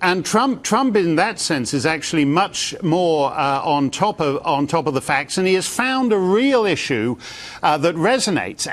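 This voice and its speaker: A columnist makes his case as a guest on a news interview. He speaks with dry wit and a fluent, sardonic flow. His voice sits slightly high for a man. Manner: wry, articulate, sardonic.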